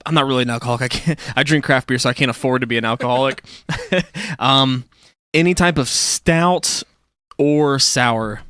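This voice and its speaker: A man's voice: mid-range voice, moderate pace, bright, forceful tone, clear, resonant tone, no echo, clean studio sound. A young man with an Ohio accent co-hosting a podcast, easygoing and agreeable, laughing often. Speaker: podcast co-host. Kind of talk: casual chat.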